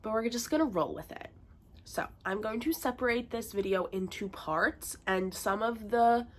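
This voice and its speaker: A woman's voice: a little high, moderate pace. A young woman talks through a casual vlog from her bedroom, her voice stuffy and nasal from a bad cold. She rambles in a chatty way, dropping fillers as she goes. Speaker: vlogger. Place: bedroom at home.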